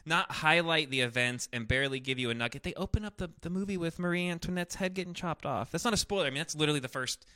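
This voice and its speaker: A man from the United States co-hosting a casual movie review chat, animated and jumping up in pitch to make his points. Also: fast, few pauses, clear, resonant tone, no room sound. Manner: animated, jumps in pitch when making a point. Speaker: co-host of a movie review show.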